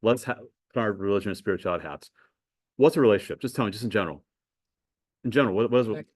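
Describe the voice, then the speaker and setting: Low-voiced man teaching a math class. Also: racing, no room sound, clean studio sound. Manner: conversational, asks the class questions, repeats words. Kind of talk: classroom lecture.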